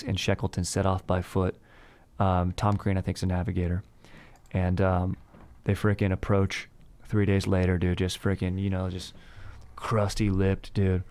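A man's voice: low-pitched, darkish tone. A man casually retelling a history story in bro slang, rambling and laid-back with lots of fillers. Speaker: podcast host.

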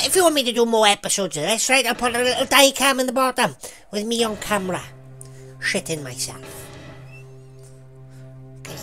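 A woman's voice: fairly high pitch, lively intonation, normal speed, long pauses, bright, forceful tone, faint music behind. A woman giving sweary, jumpy commentary over a horror game, laughing at the scares. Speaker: let's play gamer.

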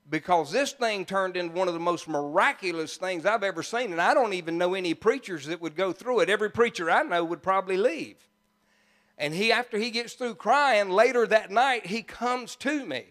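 A male pastor telling a story in a sermon, in a folksy, animated way with joking asides. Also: sits high.

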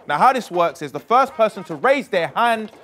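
A man's voice: high-pitched, lively intonation, moderate pace, pushed and bright, faint music behind. A man hosting a comedy show as a mock-stern teacher, teasing his students and often breaking into laughter. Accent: London. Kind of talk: comedic teacher role-play.

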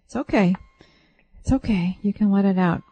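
Woman radio host doing a psychic reading for a caller. Mellow, gentle and reassuring, relays it bit by bit. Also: medium pitch, moderate pace, husky, poor audio. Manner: gentle, reassuring, relays what she senses in layers. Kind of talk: soothing call-in reading. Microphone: radio studio mic.

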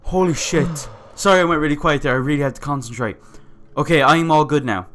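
A man giving let's-play commentary, excitable and swearing often as he reads on-screen text aloud. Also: a little high, a little fast, slight background noise. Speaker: gamer playing a survival game.

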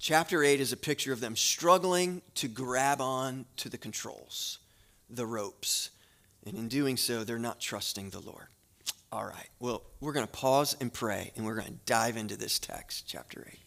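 A man preaching a sermon as a guest pastor in a church, telling a story in a relaxed conversational way with fillers before a prayer. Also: mid-range voice, a little slow, vocal fry. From Florida. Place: church sanctuary.

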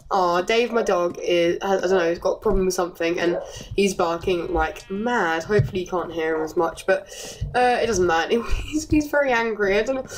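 A woman YouTuber giving casual, rambling game commentary, chatty and easily excited, with frequent giggles. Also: mid-range voice, noisy background. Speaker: gaming YouTuber.

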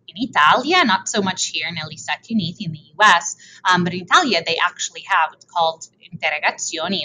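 A woman's voice: lowish voice, pushed and bright, slight background noise, poor audio. A woman teaching a language lesson over slides. She mixes Italian and English, repeats and translates each form, and adds playful asides.

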